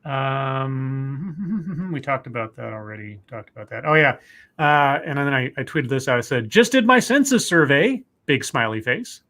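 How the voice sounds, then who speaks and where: A man's voice: medium pitch, a little slow, pushed and bright. A man hosting a casual podcast, joking wryly and reading out social media posts. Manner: wry, joking, reads out tweets. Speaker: podcast host. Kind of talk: casual chat.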